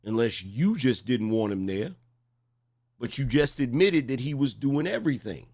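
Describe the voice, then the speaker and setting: A man's voice: mid-range voice, big pitch swings, moderate pace, a little mellow. A man in his forties hosting reaction commentary, mocking and incredulous, pressing the same question again and again. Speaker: commentary host.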